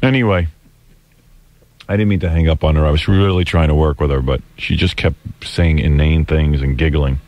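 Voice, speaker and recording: A man's voice: very deep voice, normal speed, darkish tone. A man in his forties hosting a radio talk show, telling rambling, self-deprecating stories in casual chat. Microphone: studio microphone.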